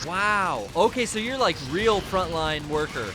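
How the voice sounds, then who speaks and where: A man's voice: high voice, a little slow, music in the background. A man hosting a live stream, chatting casually, swearing freely and laughing often. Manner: profane, animated, laughs a lot. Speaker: stream host. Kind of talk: casual chat.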